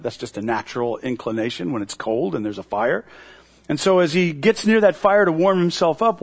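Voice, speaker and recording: A middle-aged male pastor preaching a sermon in a conversational, storytelling manner. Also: on the high side. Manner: conversational storytelling with acted-out quotes.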